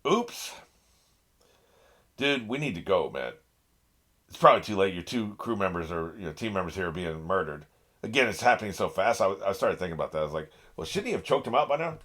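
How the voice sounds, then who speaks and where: Low-pitched and a bit bright, the man talks briskly with lively intonation, though he leaves long pauses. He's hosting a reaction video on an anime episode, getting worked up, laughing frequently and cursing at the characters.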